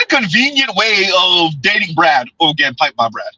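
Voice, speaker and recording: A man's voice: high-pitched, sing-song, normal speed, pushed and bright, no room sound, low-quality recording. A man hosting a blunt, mocking commentary show while riding in a car, often laughing. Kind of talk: casual live commentary. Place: in a car, in transit.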